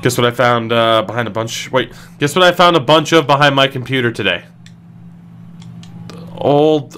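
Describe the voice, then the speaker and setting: A man calls his own hockey video game in lively play-by-play, his voice bright and sharp with wide swings in pitch. He drags his words out slowly and leans on each call, from despairing groans up to sudden shouts. A faint hum sits under the recording. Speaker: gaming streamer. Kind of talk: excited play-by-play commentary.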